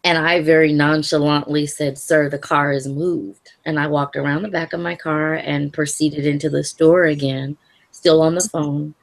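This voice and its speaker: A woman telling her own story to an interviewer in a calm, measured way, with soft laughs now and then. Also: deep voice, gravelly. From Louisville area, Kentucky. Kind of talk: personal account in an interview.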